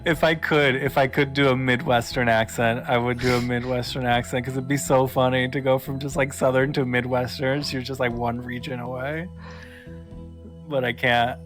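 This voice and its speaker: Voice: mid-range voice, little pitch movement, normal speed. A streamer chatting and joking casually while playing through a story game with a friend. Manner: chatty, jokey, talks over the game. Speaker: let's play streamer. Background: game music.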